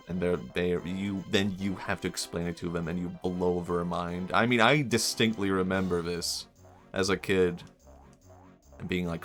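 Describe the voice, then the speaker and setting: A man's voice: low voice, level tone, a little slow, fairly bright tone, faint music behind. A young man from Sweden, rambling and reacting to chat on a casual live stream, amused at his own jokes.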